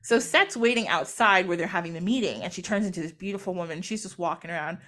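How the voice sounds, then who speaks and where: Animated woman retelling a myth. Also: fairly low pitch, quick pace. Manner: animated, laughs often, acts out quotes. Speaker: podcast guest or host. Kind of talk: casual chat retelling a myth.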